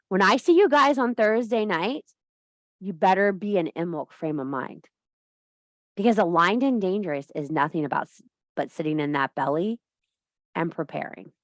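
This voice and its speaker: A witchcraft teacher with a fairly low voice gives a casual spoken lecture, recorded dry. Blunt and profane, she delivers a fired-up pep talk to her listeners, often laughing in the middle of sentences.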